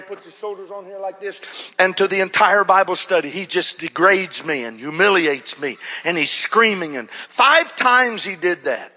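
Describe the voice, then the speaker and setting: Man, pastor, animated storytelling sermon, very bright tone, long hall reverb. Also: sits high, highs cut off. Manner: animated, acts out quotes with shouts and whispers.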